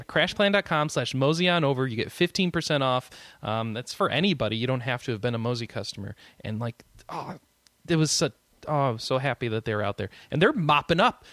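A man's voice: medium pitch, lively intonation, quick pace, a bit bright, dry recording. A man hosting a podcast in casual chat, rambling with jokey asides and frequent chuckles. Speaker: podcast host.

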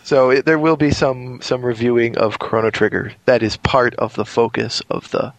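A man's voice: medium pitch, little pitch movement, normal speed, dry recording. A man on a podcast panel, telling a self-deprecating story in casual chat with frequent restarts.

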